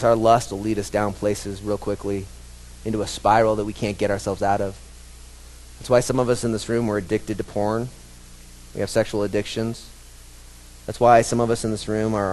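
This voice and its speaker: A man's voice: mid-range voice, darkish tone. A pastor preaching a sermon to his congregation, emphatic and repetitive, leading the room in call-and-response. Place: church sanctuary. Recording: long hall reverb.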